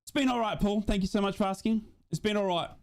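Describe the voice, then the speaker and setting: A man's voice: high voice, fast. A young man doing a live fan watch-along of a football match, chatting and reading out donations. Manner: chatty, reads out donations, yells at goals.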